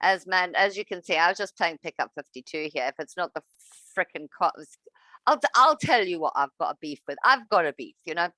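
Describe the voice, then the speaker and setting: A middle-aged woman co-hosting a casual chat, telling lively stories and acting out what people said. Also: on the low side, a little fast, no echo. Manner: lively storyteller, acts out quotes. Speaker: podcast co-host.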